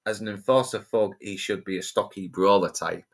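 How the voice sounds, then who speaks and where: A man's voice: on the low side, fairly even intonation, moderate pace. A man co-hosting a casual film-discussion podcast, rambling, swearing freely and restarting his sentences. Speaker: podcast co-host.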